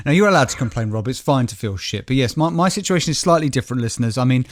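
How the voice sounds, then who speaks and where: A man's voice: medium pitch, animated, fast, no echo, studio quality. Chatty man co-hosting a podcast. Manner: chatty, teasing, interrupts and chips in. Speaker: podcast co-host. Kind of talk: casual chat.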